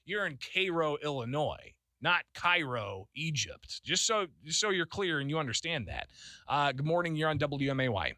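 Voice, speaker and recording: A man's voice: on the high side, lively intonation, a little fast, bright, forceful tone, no room sound, clean studio sound. A man hosting a call-in radio talk show, chatty and laughing often, with lots of fillers. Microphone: studio microphone.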